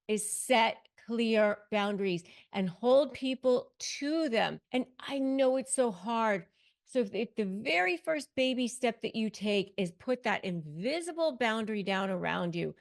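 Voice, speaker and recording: A middle-aged woman, a lawyer and negotiation coach, giving emphatic, repetitive advice straight to camera. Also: mid-range voice. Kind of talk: direct-to-camera advice talk.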